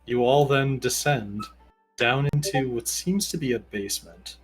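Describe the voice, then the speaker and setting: A man's voice: medium pitch, unhurried, soft background music, poor audio. Laid-back man running a tabletop game. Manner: laid-back, casual descriptions with fillers. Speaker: game master.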